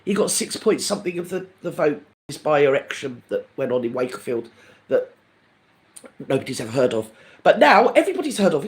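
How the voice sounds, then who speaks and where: An older man hosting a live stream, chatting to viewers in a camp, gossipy way and calling everyone darling. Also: high voice. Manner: lively and animated, swinging up and down. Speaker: livestream host. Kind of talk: casual chat with live viewers.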